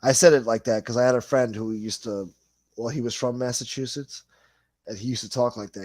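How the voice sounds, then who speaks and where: A man's voice: mid-range voice, steady tone, fairly quick, darkish tone, no room sound. A man hosting a livestream in a casual chat, reading viewer comments aloud in a laid-back, rambling way and swearing freely. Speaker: livestream host.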